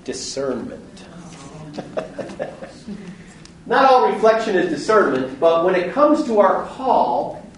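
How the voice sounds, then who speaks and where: Animated man teaching in an echoey church. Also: high voice, normal speed, a little hiss or hum. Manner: animated, joking, acts out voices in stories. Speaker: parish teacher. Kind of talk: Bible study talk. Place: parish hall or church.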